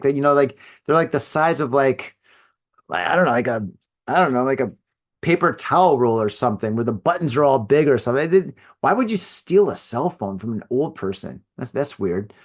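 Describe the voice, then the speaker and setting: A middle-aged man hosting a solo podcast, rambling casually with lots of filler and laughing at his own jokes. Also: mid-range voice. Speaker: podcast host.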